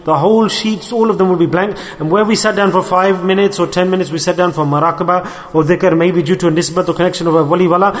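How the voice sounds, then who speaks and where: A high-pitched man preaches a Sufi sermon in a mosque, stressing his points by repeating them and putting questions to the congregation. He sprinkles Arabic and Urdu religious terms through his English. His voice rings out with a long echo off the hall. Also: fairly even intonation, fast, few pauses. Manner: emphatic, repeats phrases, asks the audience questions. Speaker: Sufi shaykh preaching on dhikr.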